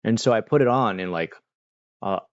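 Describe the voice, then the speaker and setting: Male streamer, lowish voice, relaxed and slangy, dull mic. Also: moderate pace. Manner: laid-back and slangy, filler-heavy. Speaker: livestream host answering chat. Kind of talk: casual livestream chat. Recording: dull lo-fi sound.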